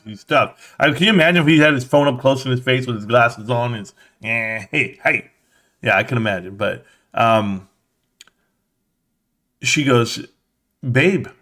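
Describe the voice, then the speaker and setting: A man's voice: mid-range voice, a bit bright. A man in his thirties hosting a casual stock market livestream, reading chat aloud in a blunt, mocking way, swearing and laughing often, a little tired. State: tired, yawning.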